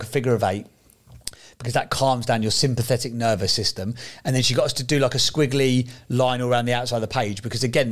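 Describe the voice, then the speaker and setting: A man from England co-hosting a podcast, chatting casually in a rambling, sweary way. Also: medium pitch. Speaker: podcast co-host. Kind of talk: casual chat.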